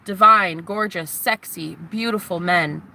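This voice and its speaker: A woman's voice: on the low side, fairly even intonation, normal speed, gravelly, fairly bright tone. A woman in her thirties, a spiritual vlogger, giving a heated, profane, taunting rant to the camera. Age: 30s.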